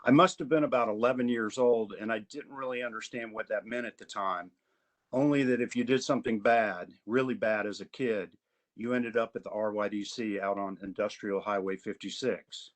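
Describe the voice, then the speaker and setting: A man's voice: on the low side, rough recording. Earnest man giving heartfelt remarks. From Augusta, Georgia, US. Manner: earnest, measured storytelling. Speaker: advisory committee chair. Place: virtual meeting.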